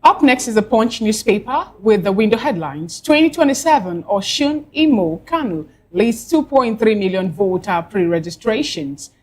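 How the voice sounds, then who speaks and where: A woman's voice: medium pitch, lively intonation, normal speed, few pauses, darkish tone. A woman co-hosting a morning newspaper review, reading headlines and adding casual personal comments. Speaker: news show co-host.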